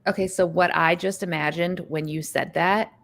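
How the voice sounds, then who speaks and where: A woman co-hosting a casual livestream chat, talking in an animated way, reading viewer comments aloud and saying "like" often. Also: on the low side, moderate pace. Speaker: livestream co-host.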